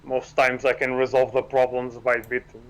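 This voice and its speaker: A man playing a tabletop game, giving blunt, deadpan short replies in casual banter. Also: mid-range voice, moderate pace, clean tone, low-quality recording. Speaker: player.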